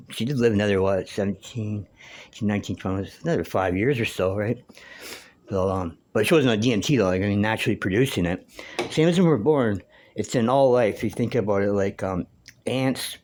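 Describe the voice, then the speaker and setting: Low-voiced man rambling casually. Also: a little mellow. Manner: rambling, profane, meandering with many fillers. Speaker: vlogger.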